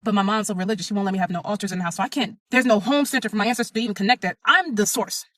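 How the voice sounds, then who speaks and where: A woman's voice: mid-range voice, rapid-fire, a bit bright, no echo. A young adult woman telling her own story in a blunt, emphatic, profane way. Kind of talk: casual first-person storytelling.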